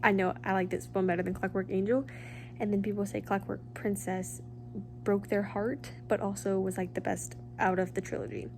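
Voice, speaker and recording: A woman's voice: medium pitch, level tone, normal speed, vocal fry, noisy background. A nineteen-year-old woman chatting casually in a reading vlog, gushing about a book with lots of ums and likes. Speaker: book vlogger.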